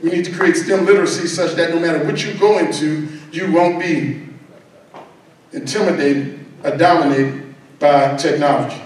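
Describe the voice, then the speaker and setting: A man's voice: on the high side, normal speed, a little mellow, a little hiss or hum. A middle-aged man giving a motivational keynote speech at a gala, talking with a folksy, emphatic, preacher-like cadence. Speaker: keynote speaker. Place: large event hall at a gala. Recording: echoey hall recorded from far off.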